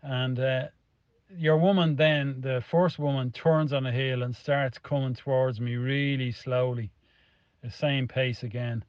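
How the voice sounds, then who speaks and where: A middle-aged Irish man recounts an anecdote, swearing freely. His rambling delivery runs at a mid pitch. It sounds like a dull, lo-fi clip in a dry space. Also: steady tone, unhurried, clean tone, no echo. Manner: swears constantly, rambling, vivid retelling. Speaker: storyteller in a played clip. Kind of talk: casual spoken anecdote.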